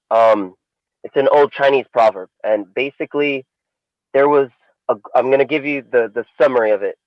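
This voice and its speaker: A man co-hosting a podcast, telling a story in a casual, animated way. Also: moderate pace, no room sound, lo-fi sound. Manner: animated storyteller, swings pitch for emphasis. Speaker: podcast co-host.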